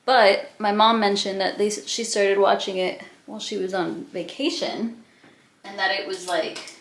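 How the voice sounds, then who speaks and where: A young adult woman chats casually to camera for her diary vlog, full of "like" fillers and small laughs. Her mid-range voice is steady in tone and a little slow.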